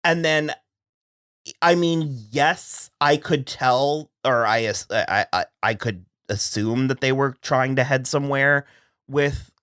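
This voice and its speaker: A man's voice: mid-range voice, slow, a bit bright, clean tone, no room sound, studio quality. A man co-hosting a casual TV recap podcast, frank and exasperated, often restarting his sentences. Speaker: podcast co-host.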